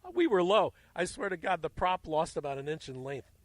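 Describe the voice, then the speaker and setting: A man hosting a field interview outdoors at a small airfield, telling animated, jokey stories into a handheld mic. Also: fairly high pitch, a little fast, dry recording. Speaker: host.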